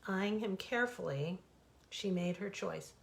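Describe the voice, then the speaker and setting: A woman author reading a bedtime fable aloud in an expressive, dramatic storytelling manner. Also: medium pitch, measured pace, vocal fry. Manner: expressive, dramatic, warmly animated. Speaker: author reading her own stories.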